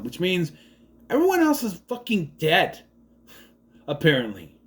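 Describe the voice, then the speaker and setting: A man's voice: sits high, wildly swooping pitch, a little slow. A man giving a casual, rambling movie review, sarcastic and swearing often.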